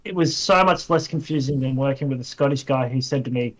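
A young man co-hosting a casual podcast, telling animated stories and breaking into laughter. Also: mid-range voice, a little fast, rough recording. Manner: storytelling, animated, bursts into laughs. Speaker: podcast co-host. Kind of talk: casual chat.

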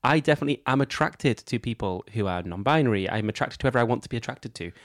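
A young man co-hosting a casual podcast, telling animated, quick stories. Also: mid-range voice, no room sound, studio quality. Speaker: podcast co-host, former baking contestant. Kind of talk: casual chat.

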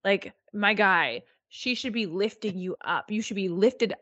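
A woman's voice: mid-range voice, measured pace, fairly bright tone, no echo, dull audio. A woman co-hosting a casual podcast chat, ranting heatedly and swearing. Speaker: podcast co-host.

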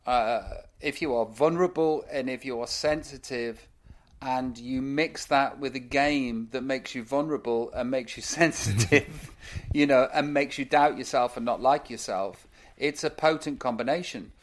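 A British musician appears as a podcast guest, speaking candidly and loosely in casual chat as he rambles and reflects on himself. His voice is medium-pitched at a moderate pace.

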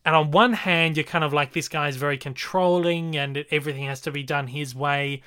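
Male film-chat co-host: bright, clear voice, enthusiastic and rambling delivery. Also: fairly high pitch, fairly even intonation, a little fast. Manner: enthusiastic, rambling with fillers and restarts. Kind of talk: casual film review chat.

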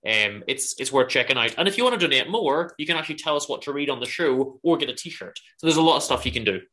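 A man's voice: mid-range voice, lively intonation, fast, bright, forceful tone. A man co-hosting a book podcast, chatting casually with lots of fillers and upbeat plugs. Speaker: podcast co-host. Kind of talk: casual chat.

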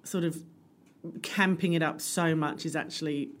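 A woman co-hosting a casual chat, talking in a wry, measured way. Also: sits low, steady tone. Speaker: podcast co-host.

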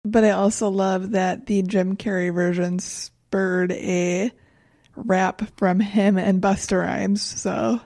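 Woman, casual podcast chat, warm mellow tone, enthusiastic. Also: medium pitch, little pitch movement, slow pace, no echo, studio quality.

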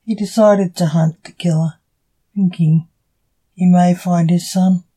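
A woman reading her own story aloud as storyteller, in a slow, even amateur reading. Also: on the low side, breathy edge, poor audio.

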